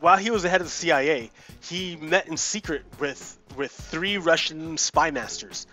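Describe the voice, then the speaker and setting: A man's voice: fairly high pitch, sharp tone. Heated, swearing man ranting over gameplay. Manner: heated, profane, repeats himself. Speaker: let's play host. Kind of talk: casual political rant while gaming.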